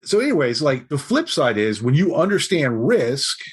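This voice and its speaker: Man, podcast guest, lively swooping pitch, husky voice, self-deprecating storytelling. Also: moderate pace. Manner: animated, self-deprecating anecdote telling. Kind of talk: storytelling in conversation.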